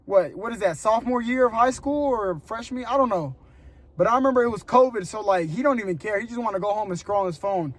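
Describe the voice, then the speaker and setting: A young adult vlogger with a high voice tells stories at a quick pace in a casual, slangy style, animated and laughing often. He films with his phone from his car and then inside a store.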